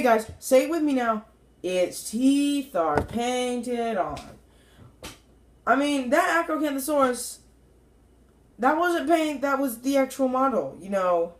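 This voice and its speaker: A woman with a fairly high voice reviews a toy in a loose, chatty way. She rambles and jokes with her viewers, and now and then she talks straight to the toy itself. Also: slight background noise. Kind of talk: casual review talk to camera.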